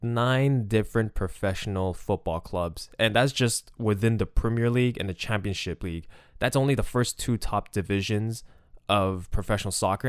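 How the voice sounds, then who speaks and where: A man's voice: on the low side, smooth, dry recording. Chatty man hosting a podcast, dry close sound. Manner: chatty and rambling, with frequent restarts and laughs. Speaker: podcast host. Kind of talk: casual solo podcast monologue.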